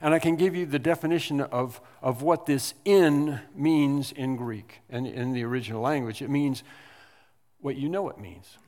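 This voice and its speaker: A man preaching an expository sermon as pastor, speaking deliberately and leaning hard on single words for emphasis. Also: mid-range voice, a little mellow, in a large hall. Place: church sanctuary.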